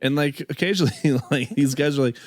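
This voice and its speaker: A man's voice: medium pitch, fast talker, dry recording. A man co-hosting a podcast in casual chat, laughing often as he tells stories. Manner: laughs a lot, tells stories with acted quotes. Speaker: podcast co-host.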